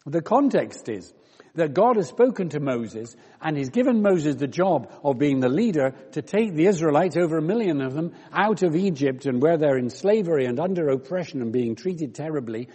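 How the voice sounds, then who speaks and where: A man preaches a conversational sermon, walking his listeners through scripture with rhetorical questions. His voice is mellow and a little husky. It rings out with the long reverb of a church hall. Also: fairly high pitch.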